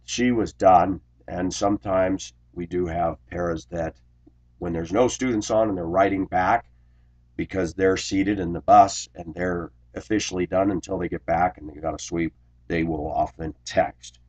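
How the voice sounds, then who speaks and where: Low husky man ranting indignantly. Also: fairly even intonation, measured pace, a little mellow. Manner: indignant, complaining, frequent throat clearing. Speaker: school bus driver. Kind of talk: ranting personal storytelling vlog.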